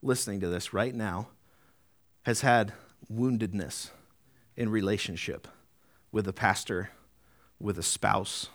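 A man preaching a sermon as pastor, earnest, often adding tag questions, slowing down to read deliberately. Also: fairly low pitch, a bit bright. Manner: earnest, rising to emphatic peaks, slowing to deliberate reading.

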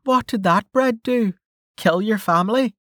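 A man's voice: sits high, unhurried, a bit bright, no room sound, voice pushed up. A blunt young woman fighter with a dry, teasing edge, put on by a man narrating. Her voice sits far above his usual register and stays matter-of-fact. The recording is close and dry, with no room sound.

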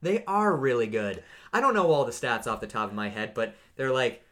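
A man co-hosting a casual sports podcast, ranting with sudden jumps in excitement. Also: normal speed. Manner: animated ranting, pitch jumps when worked up. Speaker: podcast co-host.

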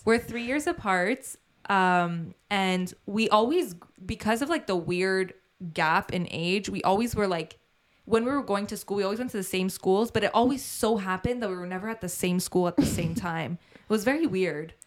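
A woman co-hosting a podcast who tells animated, joking stories in casual chat. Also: medium pitch, normal speed. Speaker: podcast co-host.

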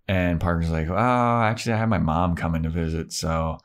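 A man co-hosting a casual podcast, retelling a TV episode with crude jokes and quick voices for the characters. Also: low-pitched, fairly even intonation. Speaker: podcast co-host recapping a TV episode. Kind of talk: casual chat.

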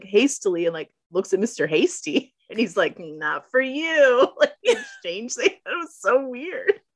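Woman, podcast co-host, lively swooping pitch, dry close sound, playful retelling with voiced-out lines. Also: no room sound. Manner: animated retelling, acting out characters' lines, laughing often. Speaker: podcast co-host recapping a TV episode. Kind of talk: casual chat.

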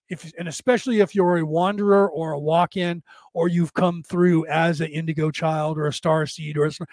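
A man hosting a casual spiritual talk for a live chat, talking close to a desk microphone, rambling and restarting, sometimes dropping to a hush. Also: high-pitched, dry recording. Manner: conversational, repeats and restarts, drops to a hush for asides. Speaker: spiritual podcast host.

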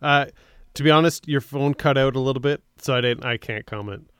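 A man co-hosting a podcast in casual chat, upbeat and quick to laugh, reading out the show's outro. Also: mid-range voice, a bit bright, clean tone, no echo, clean studio sound. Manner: laughs easily, upbeat reactions. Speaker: podcast co-host.

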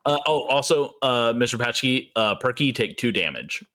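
A man running a tabletop horror game as game master, narrating slowly and laughing often. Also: mid-range voice, expressive, fairly bright tone.

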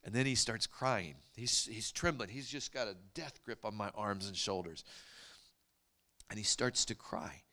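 A man preaching a storytelling sermon, animated and dropping to hushed whispers for emphasis. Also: fairly low pitch, a little slow.

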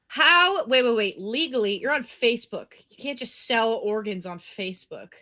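A woman's voice: fairly high pitch, moderate pace. A young woman co-hosting a casual podcast, reading odd news stories aloud and laughing often. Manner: giggly, animated. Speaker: podcast co-host.

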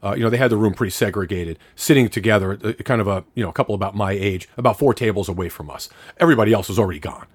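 A man's voice: lowish voice, racing, few pauses, slightly rough, dry recording. A man co-hosting a podcast, telling a long story in casual chat. He swears freely and acts out what people said. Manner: profane, animated storyteller acting out quotes.

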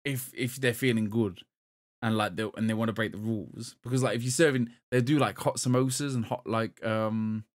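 A man's voice: mid-range voice, fairly even intonation, a little fast. A man, a podcast co-host in casual chat, rambling with lots of fillers. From Europe. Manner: rambling, full of "like" and "um".

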